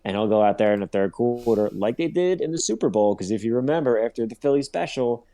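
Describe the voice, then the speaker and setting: A man co-hosting a casual sports podcast, ranting in a profane, rambling, animated way. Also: mid-range voice, fast. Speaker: podcast co-host.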